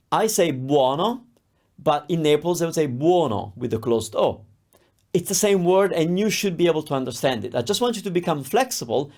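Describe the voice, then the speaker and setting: A man with an Italian accent guides learners through an online language lesson. His voice sits a little high and has a gravelly edge. He explains patiently and slows down to model words. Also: darkish tone. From Italy, Rome area. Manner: reassuring, explanatory, models pronunciations slowly.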